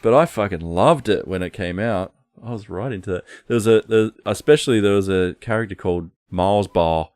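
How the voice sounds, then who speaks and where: Deep-voiced young man, dry sound. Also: brisk, hardly any pauses, darkish tone, dry recording. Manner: laid-back, swears often, laughs easily. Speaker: podcast co-host. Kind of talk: casual chat.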